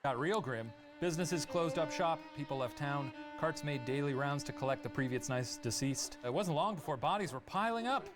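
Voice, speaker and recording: Animated male quiz host over music. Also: on the high side, normal speed, few pauses. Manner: playful, theatrical, quizzing guests with multiple-choice questions. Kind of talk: comedic history quiz narration. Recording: music bed behind the voice.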